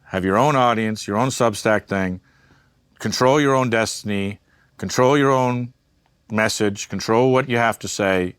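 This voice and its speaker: On a dry, studio-quality recording, a man with a lowish, slightly bright, clean voice is interviewed. A media entrepreneur, he talks bluntly and emphatically, swearing freely as he wanders off into asides.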